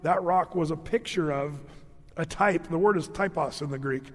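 Preacher, male, high-pitched, storytelling sermon style with playful asides, long hall echo. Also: moderate pace. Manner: storytelling, acts out quoted speakers with humor. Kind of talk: conversational Bible-teaching sermon. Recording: long reverb of a large hall.

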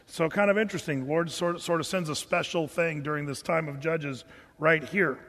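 A man's voice: a little high, moderate pace, fairly bright tone, in a large hall. A male pastor teaching through a Bible passage verse by verse, conversational and enthusiastic, reading scripture aloud between his comments.

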